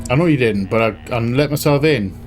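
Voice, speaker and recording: A man gives casual commentary as he plays through a hidden-object game. He is chatty and teases himself, thinking out loud in a mid-range voice. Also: mid-range voice, brisk. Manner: chatty, self-mocking, thinks aloud. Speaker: game streamer. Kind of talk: casual let's-play commentary.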